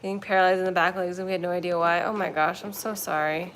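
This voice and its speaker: A woman's voice: fairly low pitch, fairly even intonation, fast, fairly bright tone, a little hiss or hum. A young woman hosting a casual livestream, chatting and reading viewer comments in a rambling way while talking to her cats. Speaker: kitten rescue livestream host.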